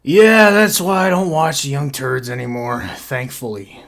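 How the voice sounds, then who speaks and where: A woman's voice: extremely low pitch, lively intonation, measured pace. A woman hosting a reaction commentary channel, ranting crudely and sarcastically with a stream of insults. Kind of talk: profane reaction rant.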